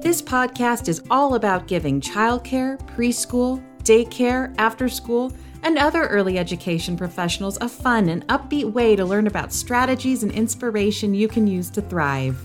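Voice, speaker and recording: A woman's voice: a little high, lively intonation, normal speed, few pauses. Upbeat woman reading a podcast intro. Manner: upbeat, polished. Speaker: podcast announcer. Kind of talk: scripted intro read. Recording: faint music behind.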